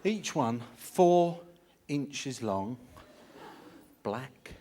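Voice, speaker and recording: Give me a theatrical male stand-up comic, lively pitch, live-recorded with audience noise. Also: slow, pauses often. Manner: theatrical, mock-anguished. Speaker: stand-up comedian. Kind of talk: stand-up comedy storytelling.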